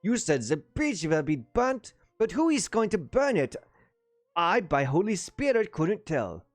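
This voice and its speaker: A man voicing a stubborn, aggrieved male colonel with a heavy German accent, speaking in slow broken English. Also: high-pitched, very animated, no room sound, pitched above the performer's own voice. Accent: German (put on).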